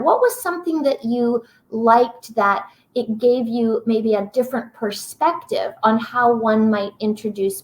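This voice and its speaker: A woman presenting a teaching webinar, reading short poems aloud and encouraging her viewers. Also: a little high. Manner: warm, encouraging, reads poems slowly aloud.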